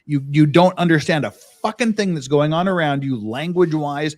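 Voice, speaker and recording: A man's voice: fairly high pitch, moderate pace, a little mellow. A middle-aged man from the United States who hosts a casual chat, talking bluntly with plenty of swearing and acting out other people's rants. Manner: blunt and profane, acts out quoted rants. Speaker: podcast host.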